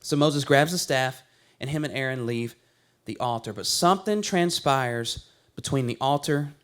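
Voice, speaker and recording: A man's voice: mid-range voice, moderate pace, a bit bright. A man in his thirties, a pastor, preaching a conversational sermon with playful storytelling.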